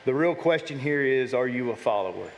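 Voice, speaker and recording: A man's voice: mid-range voice, expressive, brisk, vocal fry, highs cut off, a little hiss or hum. Man preaching a conversational sermon in a hall. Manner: conversational, repeats words, restarts. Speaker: pastor. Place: church sanctuary. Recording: long hall reverb.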